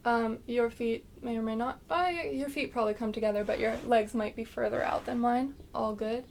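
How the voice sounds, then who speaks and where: Woman instructor, slightly congested, gravelly, higher voice, faint background hiss. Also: fairly even intonation, recorded from a distance. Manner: gentle, unhurried cueing with frequent ums. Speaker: movement instructor. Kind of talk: guided exercise class.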